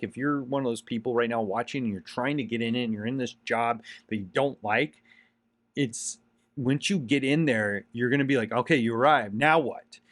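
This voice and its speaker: A man's voice: medium pitch, a bit bright, no room sound. Male podcast host, mid-range voice, earnest and emphatic motivational rant, dry close recording. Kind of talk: motivational monologue.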